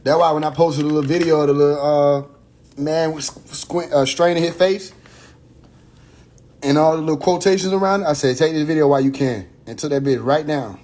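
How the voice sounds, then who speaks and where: A man's voice: a little high, darkish tone. Profane, rambling man on a phone livestream. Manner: loose, rambling, profane, with quick asides and laughs. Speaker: livestream host. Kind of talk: casual livestream talk.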